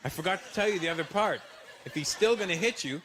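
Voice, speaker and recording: A man's voice: high voice, fast talker, very noisy, close to an everyday voice. A man voicing a cheeky schoolboy who gives offhand, breezy advice. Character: boy schoolmate, cheeky, casual.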